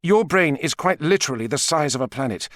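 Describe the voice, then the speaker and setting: A man voicing a high, pleading young woman. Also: lively intonation, fairly quick, fairly bright tone, no room sound, studio quality.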